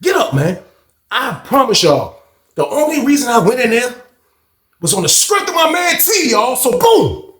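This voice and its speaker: A man casually telling a story from his own life in a slangy, animated way, acting out the people in it. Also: extremely high pitch, moderate pace, reverberant.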